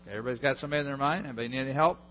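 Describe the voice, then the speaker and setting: Conversational pastor, husky and slightly high; long hall reverb, lo-fi. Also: male voice, very fast, soft background music. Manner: conversational, questions the congregation directly. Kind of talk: sermon. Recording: echoey hall, dull lo-fi sound.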